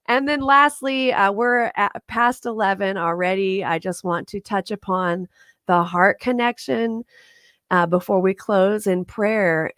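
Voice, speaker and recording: A woman's voice: mid-range voice, no echo, clean studio sound. A woman reverend giving a conversational sermon to her congregation, often chuckling and asking "right?".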